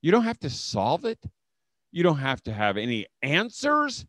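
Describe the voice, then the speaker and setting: With a fairly high, slightly bright voice swinging hugely in pitch at normal speed, and no room sound, a middle-aged man speaks to homeschool leaders. His conference talk unfolds as conversational storytelling, quotes acted out.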